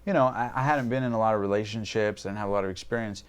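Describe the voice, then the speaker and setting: A man's voice: lowish voice, rapid-fire, clear, resonant tone. A man in his twenties, a podcast guest, telling his personal story candidly, swearing freely and acting out his past thoughts. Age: 20s.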